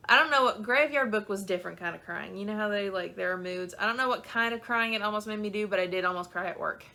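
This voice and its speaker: Woman, young adult, book vlogger, chatty, gushing, bright voice, mid pitch. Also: creaky. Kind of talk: casual chat.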